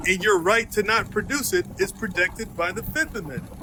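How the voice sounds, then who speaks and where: A man's voice: sits high, moderate pace, background noise. A man in a heated casual debate, insistent and interrupting, repeating his points. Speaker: host.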